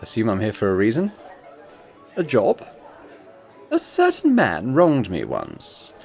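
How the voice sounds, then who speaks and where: A man's voice: fairly low pitch, huge pitch swings, a little slow, vocal fry, darkish tone, faint music behind, full character voice. A man voicing a posh, scheming woman crime boss in a haughty drawl, in a tabletop game. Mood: smirking, cold.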